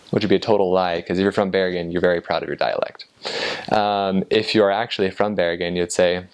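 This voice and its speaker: A man and former missionary explaining in a relaxed, hesitant way, pausing often on fillers. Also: sits low, clear, resonant tone. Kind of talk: casual spoken explainer.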